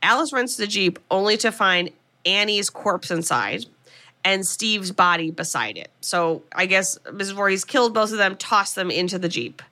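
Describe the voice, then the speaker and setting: A woman's voice: medium pitch, normal speed, pushed and bright. A woman podcast host casually recapping a horror film plot as a chatty storyteller. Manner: chatty storyteller, quotes characters.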